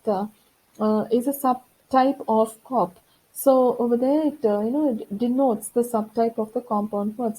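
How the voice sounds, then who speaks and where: A woman's voice: fairly high pitch, dark tone, slightly rough, poor audio. A woman lecturer explaining course material in a recorded lesson, talking it through with frequent fillers and restarts.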